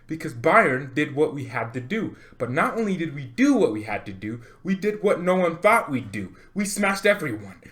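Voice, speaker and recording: A man hosting a football fan channel, ranting excitedly to camera with jokes, laughs and repeated words for emphasis. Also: a little high. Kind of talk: animated fan rant to camera.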